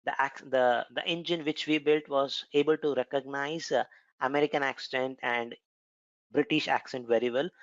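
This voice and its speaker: A man with an Indian accent gives a relaxed, chatty tech lesson at a middling pitch. His voice is dry and close, with a slightly dull, lo-fi tone. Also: moderate pace, no room sound. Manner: conversational, repeats words, frequent "uh" fillers. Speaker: cloud computing instructor. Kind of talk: explanatory tutorial lecture.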